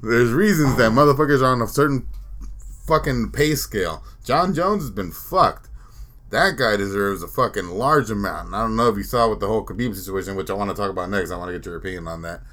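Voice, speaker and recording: A man's voice: on the low side, fast talker, fairly bright tone. A man hosting a casual podcast chat, profane and opinionated, often laughing.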